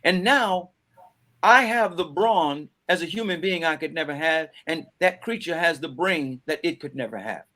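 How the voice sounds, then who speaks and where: A middle-aged man telling stories as a guest in a panel conversation, animated and repeating words as he acts out quoted voices. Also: fairly high pitch, normal speed. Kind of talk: conversational storytelling. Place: bookstore event conversation.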